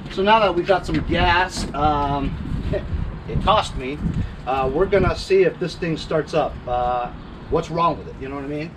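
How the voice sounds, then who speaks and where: Male small-engine repair host, casual rambling commentary with fillers, a bit higher voice, noisy garage recording. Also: unhurried. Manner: rambling, chatty asides with many fillers. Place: home garage and car.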